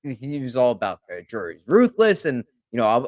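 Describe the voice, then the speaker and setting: A man hosting a podcast, talking in a rambling, animated way with lots of fillers. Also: mid-range voice, quick pace, hardly any pauses, dry recording, studio quality. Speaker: podcast host. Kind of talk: casual chat.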